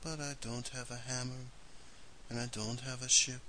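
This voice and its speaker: A man reciting a rhyming love poem in a measured, deadpan way. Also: medium pitch, a little hiss or hum, poor audio.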